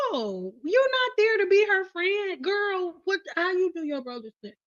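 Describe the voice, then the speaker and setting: A woman's voice: extremely high pitch, very animated, slow pace, fairly bright tone, no echo. Blunt woman ranting on a livestream. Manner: blunt, teasing, laughs often. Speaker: hairstylist livestream host. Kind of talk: casual livestream rant. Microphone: livestream mic. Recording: slightly dull livestream audio.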